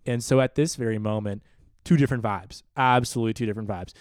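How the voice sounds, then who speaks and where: Animated man telling a story, smooth voice. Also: lowish voice, fast, no room sound, studio quality. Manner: animated, rambling, stammers and restarts. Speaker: podcast co-host. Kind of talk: casual storytelling chat.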